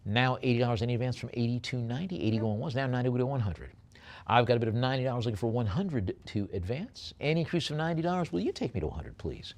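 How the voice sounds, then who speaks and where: Older male auctioneer, New York accent, rapid bid calls mixed with wry jokes, mid-range voice. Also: medium pitch, lively intonation, darkish tone. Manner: chatty, joking asides between rapid bid calls. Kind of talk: live auction calling.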